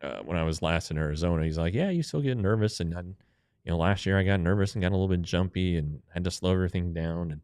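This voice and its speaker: A man with a very low, deep voice chats loosely about baseball, trailing into fillers and restarts. The sound is dry and close, with no room echo. He has the easy tone of a podcast co-host. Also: fairly even intonation, quick pace, darkish tone, clean tone. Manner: conversational, rambling with fillers. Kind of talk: casual sports podcast chat.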